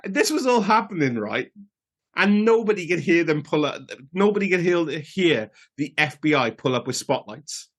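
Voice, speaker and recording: A man's voice: a little high, big pitch swings, moderate pace, fairly bright tone. A man co-hosting a casual film review podcast, asking incredulous questions about the plot. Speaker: podcast co-host.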